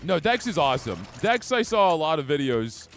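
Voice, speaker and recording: A man streaming a game live, with hiccups, his somewhat high voice swinging widely in pitch as he chats, reacts and laughs. Game music plays clearly behind him. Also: very animated, a little fast. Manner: chatty, reads chat aloud, reacts and laughs. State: has hiccups. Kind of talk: live gameplay commentary.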